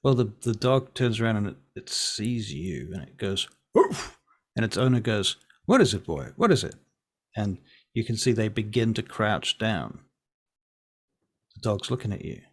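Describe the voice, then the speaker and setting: A man's voice: lowish voice, moderate pace. A man, running a tabletop game as game master in a casual, playful way. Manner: casual, playful, with filler words.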